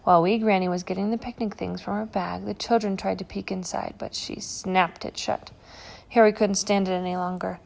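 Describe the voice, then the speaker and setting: A woman reading a children's storybook aloud, expressive and slowing for effect. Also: medium pitch, gravelly. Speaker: storybook reader. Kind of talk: children's book read-aloud.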